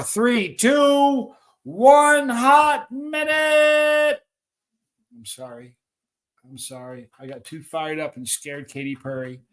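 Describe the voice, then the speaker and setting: A man hosting a live stream, reading viewer comments aloud and calling out excited countdowns. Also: mid-range voice.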